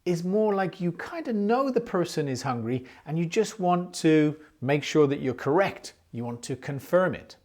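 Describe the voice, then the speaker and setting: An English teacher explaining a grammar lesson clearly and patiently, speaking example questions aloud. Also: medium pitch, animated, moderate pace, few pauses, darkish tone.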